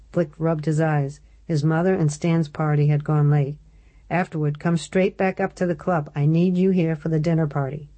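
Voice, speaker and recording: A woman narrating a novel in a low, mellow voice. She reads the story steadily and gives each character a slight shift in voice. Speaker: audiobook narrator. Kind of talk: scripted narration.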